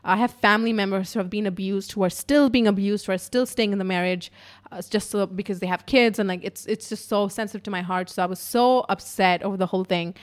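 A woman's voice: medium pitch, quick pace. Swearing, emotional woman telling a story. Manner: emotional, frequent swearing, lots of "like" fillers. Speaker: podcaster and YouTuber. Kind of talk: casual storytelling to an audience.

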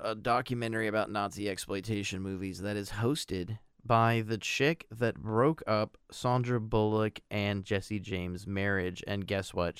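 A man's voice: on the low side, vocal fry, clear, resonant tone, no room sound, clean studio sound. A man co-hosting a casual film podcast, ranting and joking with plenty of profanity. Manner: animated, profane, joking rants. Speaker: podcast co-host.

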